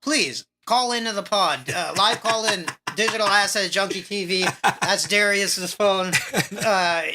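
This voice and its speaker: A man's voice: sits high, a little slow, background noise. A man co-hosting a podcast, laughing often and pushing back with reasoned points. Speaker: podcast co-host. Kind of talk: casual podcast banter.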